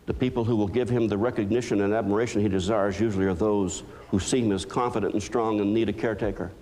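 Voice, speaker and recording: A man's voice: fairly low pitch, steady tone, fast talker, dark tone. A man giving a motivational lecture as a psychologist, telling stories earnestly and with emphasis.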